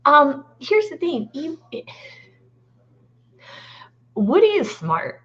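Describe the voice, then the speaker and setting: An excitable woman lawyer chatting as a guest, her pitch swinging up and down as she talks. She laughs readily, and the sound is a bit dull and lo-fi. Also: takes it slowly. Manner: animated, laughs often, excitable. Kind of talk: casual chat.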